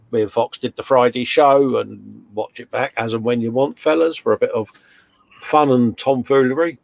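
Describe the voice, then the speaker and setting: A man with a gravelly edge to his voice, chatting on a live stream and calling everyone mate and fella. His voice is close and dry, with almost no room sound. He reads out viewer comments in a relaxed, joking way. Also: lowish voice, no echo. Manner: jokey, matey banter, calls everyone mate and fella. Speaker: co-host of a live modelling chat stream.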